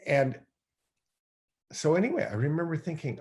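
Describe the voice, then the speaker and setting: Here a man on a podcast recounts something from his own life, his mid-range voice lively in intonation and measured in pace. The telling wanders and is full of fillers, and he plays out his past thoughts as if speaking them.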